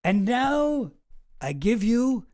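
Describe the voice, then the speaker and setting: A man's voice: very high-pitched, very animated, extremely slow, darkish tone. A man hosting casual online commentary, wry and sarcastic as he reads through documents.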